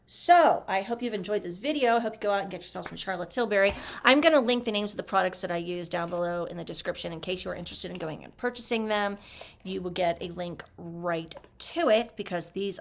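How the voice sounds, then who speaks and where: Talking fast with lively intonation, a beauty vlogger chats and gushes while applying makeup for a review. Her voice is on the low side and gravelly, and there's a little hiss or hum.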